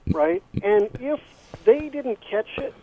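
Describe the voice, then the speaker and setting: A man's voice: very high-pitched, slow. A man calling in to a talk radio show, talking in a casual way with fillers. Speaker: caller. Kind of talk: call-in radio chat. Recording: tinny phone line.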